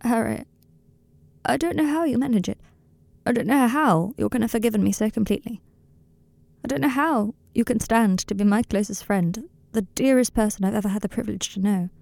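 A woman's voice: fairly high pitch, a little fast, creaky, a little mellow, no echo. Woman reading as a tearful pleading young man. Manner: pleading, emotional, breaking. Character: tearful anxious young man confessing love. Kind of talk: audiobook reading of fan fiction.

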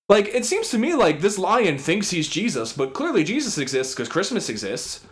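A man's voice: sits high, sing-song, moderate pace, a bit bright. A man in his thirties co-hosting a podcast, ranting in casual chat with comic exasperation and frequent swearing. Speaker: podcast co-host.

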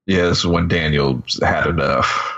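A man co-hosting a podcast, adding brief, low-key remarks in a casual movie chat. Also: steady tone, normal speed, fairly bright tone, highs cut off. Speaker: podcast co-host.

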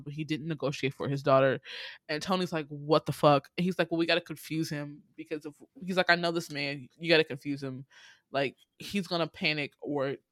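A young adult podcaster recapping a film in a casual, profane ramble, full of fillers, asides and quick laughs while quoting the characters. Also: mid-range voice, fairly bright tone, dry recording. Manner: swears freely, laughs often, quotes characters.

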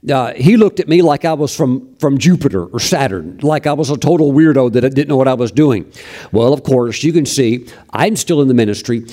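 Folksy preacher man, mellow voice. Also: mid-range voice. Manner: folksy, anecdotal, many restarts. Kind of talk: sermon storytelling.

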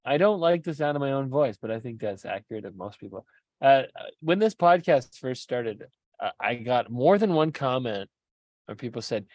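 A man's voice: medium pitch, expressive, normal speed, a little mellow, dry recording. A Canadian man co-hosting a podcast, chatting casually with a joking, profane, self-deprecating manner. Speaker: podcast co-host. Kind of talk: casual chat.

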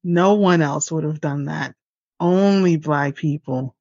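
A co-host on a podcast, chatting casually and reacting in a low-key way. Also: takes it slowly, a little mellow, dry recording. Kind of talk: casual chat. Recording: dull lo-fi sound.

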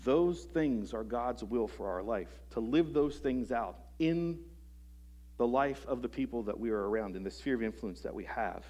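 A man preaching a sermon to a congregation. He is earnest, asks them rhetorical questions, restarts phrases often and lets his sentences trail off softly. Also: mid-range voice. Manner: halting restarts, soft trailing phrase ends. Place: church service before a congregation.

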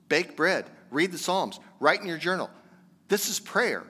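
A man's voice: fairly high pitch, sing-song, normal speed, bright, forceful tone, breathy edge. A man preaching a sermon as pastor, talking in a conversational, earnest way that builds to emphatic exhortation. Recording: long hall reverb.

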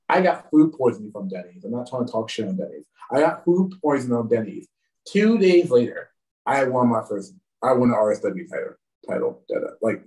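A man's voice: mid-range voice, a little mellow, far from the mic, low-quality recording. A man from the Southern United States with a Southern American accent, a wrestler guest on a podcast, telling slangy stories and laughing often. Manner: laughing, slangy, quick anecdotes. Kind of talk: casual podcast storytelling.

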